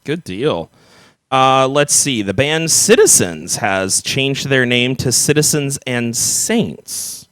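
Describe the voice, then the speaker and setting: Man in his thirties, podcast co-host, casual chat, animated pitch, dry close sound. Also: slow pace, dry recording. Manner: chatty, laughs often, lively. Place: California, US.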